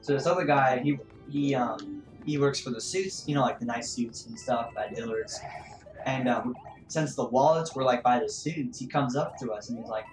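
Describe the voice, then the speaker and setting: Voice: medium pitch, moderate pace. A gaming streamer telling a store story in casual, rambling talk full of fillers. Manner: rambling, many fillers and "man". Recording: roomy echo with game music behind.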